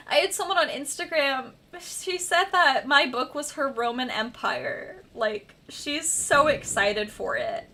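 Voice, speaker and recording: A woman's voice: high-pitched, measured pace, bright, forceful tone. A young woman from the American Midwest with a slight Midwestern accent, chatting casually and rambling on a livestream while she edits her book. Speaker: author livestreaming her editing.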